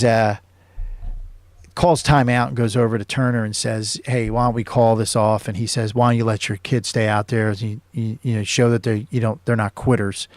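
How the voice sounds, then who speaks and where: A man's voice: on the low side, darkish tone, no room sound. A man hosting his own show, casually recapping a film scene by scene, with many ums and uhs. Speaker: show host.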